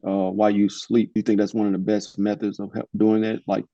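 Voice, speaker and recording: A man's voice: on the low side, flat delivery, a little fast, vocal fry, warm tone, dry recording, muffled recording. A man hosting a podcast interview, asking questions hesitantly and restarting them as he goes. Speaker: host.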